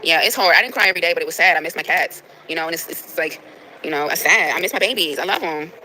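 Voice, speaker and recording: Brisk, bright-voiced nasal woman. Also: fairly low pitch, a little hiss or hum, low-quality recording. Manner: emphatic and preachy, repeats phrases. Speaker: livestreamer. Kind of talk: casual livestream talk to viewers.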